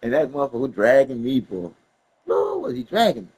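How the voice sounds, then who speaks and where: A man telling a story casually, animated and profane, laughing along the way. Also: mid-range voice, a little fast, slightly rough, low-quality recording.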